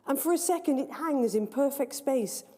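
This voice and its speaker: A woman reading her own story aloud at a live event in a large library hall, with expressive, measured storytelling. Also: high-pitched. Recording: long reverb of a large hall.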